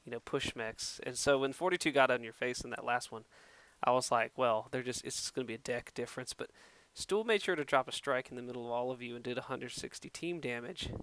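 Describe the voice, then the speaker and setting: A man's voice: medium pitch, brisk, fairly bright tone, smooth. A man casting a match, chatting and teasing players with frequent laughs. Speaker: match caster. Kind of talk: casual post-match chat.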